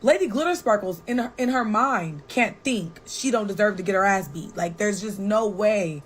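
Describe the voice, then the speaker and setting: Young woman guest, mid-pitched, animated and profane storytelling, blunt with lots of "like", faint background noise. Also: normal speed, rough recording. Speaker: podcast guest telling a personal story. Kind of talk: casual storytelling.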